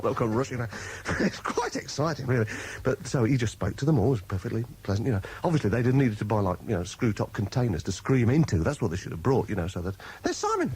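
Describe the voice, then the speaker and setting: A man's voice: mid-range voice, a little hiss or hum, low-quality recording. A man presenting on radio, telling a long anecdote in casual chat, laughing and acting out voices as he goes. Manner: animated, laughing, acts out voices in his stories. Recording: 1980s radio broadcast.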